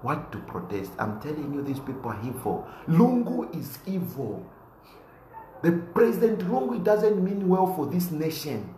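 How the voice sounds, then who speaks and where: A man's voice: a little high, big pitch swings, measured pace, a little hiss or hum. Preachy Zambian man in an echoey room. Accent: Zambian English. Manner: preachy, repetitive, rising to shouts. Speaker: political commentator. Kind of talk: impassioned political talk to viewers.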